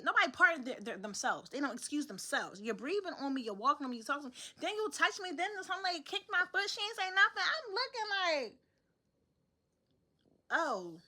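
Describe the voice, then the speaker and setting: Young woman, high voice, bright tone, animated casual venting, vlog at home. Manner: animated storytelling, acts out other people's lines. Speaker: vlogger.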